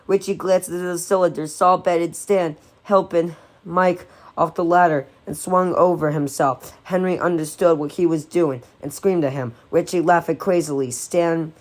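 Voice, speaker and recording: Woman, low voice, amateur book reader, stumbles and corrects herself. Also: fairly even intonation, normal speed. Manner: unpolished, with slips and self-corrections. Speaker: audiobook reader. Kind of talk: reading a novel aloud.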